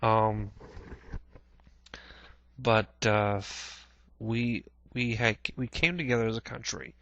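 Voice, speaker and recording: Man, casual vlog recollection, halting with restarts, frequent throat clearing, deep-ish fry voice. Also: steady tone, a bit bright, dry recording, highs cut off. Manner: plain-spoken, swears casually. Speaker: vlogger.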